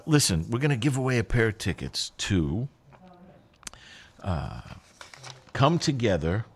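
Chatty joking radio host in his sixties. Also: lowish voice. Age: 60s. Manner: chatty and jokey, chuckles often, pushy when plugging a giveaway. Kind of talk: casual radio DJ patter.

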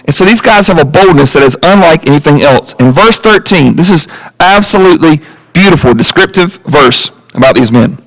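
A man preaching a sermon as pastor, animated, acting out quoted voices and chuckling at his own asides. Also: a little high, fairly quick, rough recording.

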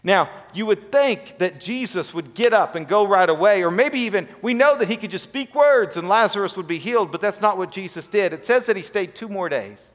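A middle-aged male pastor preaching an emotional sermon, with a voice pitched somewhat high for a man. He often drops to a hushed, near-whispered delivery. The sound rings out with the long reverb of a church sanctuary. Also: lively intonation, fairly quick, hardly any pauses.

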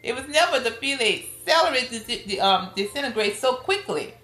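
A middle-aged woman with a New Orleans accent tells family stories with a storyteller's flair, her voice jumping high whenever she acts out what her relatives said. She sounds like she is in a roomy, echoing space, with soft music playing underneath. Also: normal speed. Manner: lively storyteller, acts out family quotes with big pitch jumps. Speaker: podcast guest. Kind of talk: casual storytelling interview. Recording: roomy room with faint music behind.

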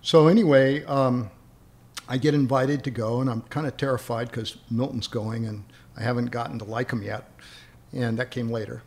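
A man with a rough, gravelly voice spins long anecdotes as an interview guest. He rambles from one memory to the next and chuckles along the way. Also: mid-range voice, fairly even intonation, moderate pace, darkish tone. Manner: rambling, chuckling as he recalls stories. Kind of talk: anecdotal storytelling.

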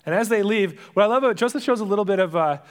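A male pastor preaching a sermon, retelling a story dramatically and dropping to hushed whispers at its emotional moments. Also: sits high, rapid-fire.

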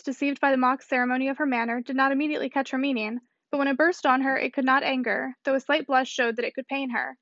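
A woman reading a novel aloud as narrator, in a measured, even manner. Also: high-pitched, no room sound. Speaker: audiobook reader. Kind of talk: scripted narration. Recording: dull dry audiobook recording.

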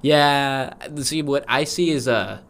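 A man's voice: mid-range voice, takes it slowly, fairly bright tone. A young man co-hosting a podcast in casual, laid-back chat, swearing and laughing often. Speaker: podcast co-host.

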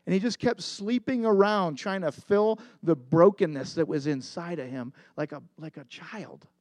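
A man's voice: sits high, moderate pace, darkish tone, no room sound. A middle-aged man preaching a sermon as pastor, earnest and confessional, telling a story with emphatic repetition.

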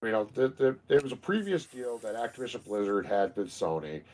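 A man's voice: lowish voice, big pitch swings, a little fast, darkish tone. A man in his thirties co-hosting a casual gaming chat, rambling with lots of fillers and restarts. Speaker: podcast co-host.

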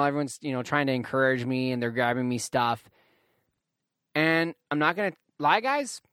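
A young man telling a personal story in a casual monologue, animated and emphatic, often addressing his listeners directly. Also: a little high, no room sound.

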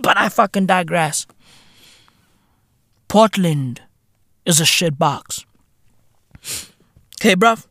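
A man hosting a podcast in a profane, slang-heavy comedic rant. His voice is high and very lively, yet his pace is unhurried. The sound is bright and dry. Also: dry recording. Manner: profane, slangy, heavy use of "bruv" and "innit"; animated, bursts of shouting. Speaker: podcast host.

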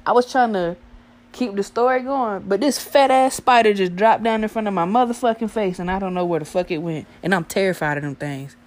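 A woman's voice: medium pitch, a little fast, darkish tone. A woman in her twenties telling a casual, profane story with lots of slang.

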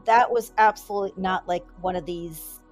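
A woman's voice: medium pitch, steady tone, moderate pace, faint music behind. A woman who is a returning podcast guest, chatting eagerly and gratefully, often restarting her sentences. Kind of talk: casual podcast chat.

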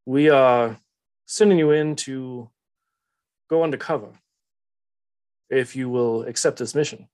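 A man voicing a fatherly older police chief with a Southern US accent and a booming, stammering drawl. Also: a little slow, pauses often, a little mellow, natural voice. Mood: official.

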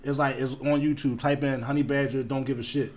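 A man in casual chat, telling stories loudly and animatedly, laughing often. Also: medium pitch, fairly quick. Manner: loud, animated storytelling with frequent laughter and profanity.

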